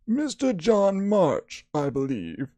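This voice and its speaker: A man voicing a mysterious woman psychic in a text game, speaking slowly and measured. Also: high voice, wildly swooping pitch, mellow, dry recording, highs cut off, pitched above the performer's own voice, heavily acted. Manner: slow, measured.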